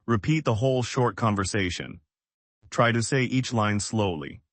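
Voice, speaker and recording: A man with a fairly low voice teaches English in slow, carefully spaced sentences. His delivery is even and scripted, made for learners to repeat. The recording is close and dry. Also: no room sound. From United States. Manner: slow, simple, evenly paced sentences.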